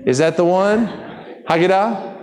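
A man preaching a sermon in a conversational, animated way, acting out the people he quotes in his own voice. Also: high voice, measured pace.

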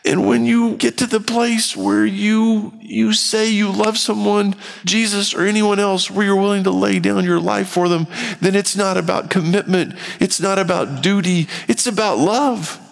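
A man's voice: sits high, steady tone, a little slow, gravelly. A man preaching a sermon in a church, talking candidly and conversationally. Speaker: pastor. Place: church sanctuary. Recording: long hall reverb.

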